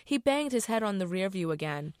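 A woman's voice: mid-range voice, very animated, brisk, a little mellow, clean tone, no echo, studio quality. A middle-aged woman author reading her novel aloud in a casual, profane first-person voice.

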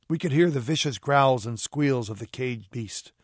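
A man reading a story aloud as narrator, steady and even. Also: medium pitch, moderate pace, dry recording, studio quality. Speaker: audiobook reader. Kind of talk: scripted narration.

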